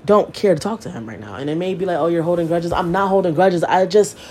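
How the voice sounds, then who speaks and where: A woman's voice: on the low side, animated, fast talker, a little mellow, slight background noise. A young woman hosting a podcast, talking candidly and emotionally, swearing often and repeating herself as she vents. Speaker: podcast host. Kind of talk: candid personal podcast monologue.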